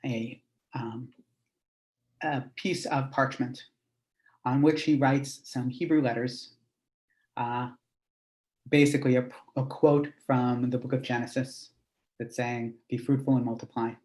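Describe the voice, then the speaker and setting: A man's voice: medium pitch, steady tone, slow, pauses often, a little mellow. A man, a rabbi, telling a teaching story in a conversational way with fillers and asides. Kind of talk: storytelling lesson.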